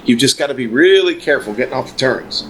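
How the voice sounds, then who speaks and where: A man commentating on a sim racing broadcast in a relaxed, chatty way. He leans on fillers like "uh" and "you know," and the line carries a faint hiss. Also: mid-range voice, fast talker. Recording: faint background noise.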